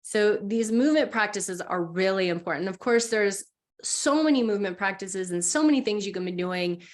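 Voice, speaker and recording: Woman teacher as the guest, mid-pitched voice; earnest and encouraging, voices inner thoughts aloud. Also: normal speed. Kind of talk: explanatory conversation.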